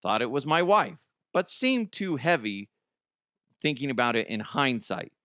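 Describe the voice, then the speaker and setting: Speaking at a measured pace in a mid-range voice, a man runs a comedy podcast, reading listener-submitted ghost stories and riffing on each with plenty of laughter and cursing. His sound is clean studio audio with no room noise, and his mood is excitable.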